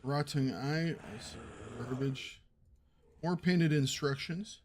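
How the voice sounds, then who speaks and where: A man's voice: a little high, slow, slight background noise. Man muttering over gameplay. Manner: relaxed, muttering to himself while playing. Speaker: gaming streamer. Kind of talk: casual gameplay commentary.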